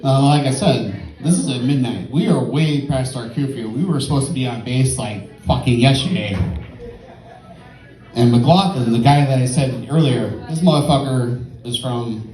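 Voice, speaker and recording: A man's voice: mid-range voice, moderate pace, warm tone, roomy sound, far from the mic, soft background music, poor audio. A tipsy man telling a rambling, profane story in a stand-up set at a comedy club.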